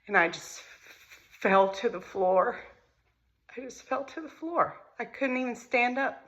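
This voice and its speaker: A mother recounting a painful family crisis in a halting, emotional way. She often repeats her phrases as she tells the story. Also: medium pitch, fairly bright tone, dull audio. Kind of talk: personal storytelling to camera.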